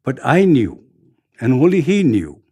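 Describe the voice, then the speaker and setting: A man in his sixties with an Indian accent, telling a story in an interview in a halting way, repeating words and chuckling. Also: mid-range voice, very animated, darkish tone, breathy edge, no echo, studio quality. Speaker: interview guest.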